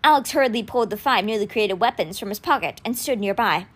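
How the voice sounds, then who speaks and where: A woman reading a novel aloud for a podcast, telling the story in an expressive way. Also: medium pitch, fast talker. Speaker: audiobook reader.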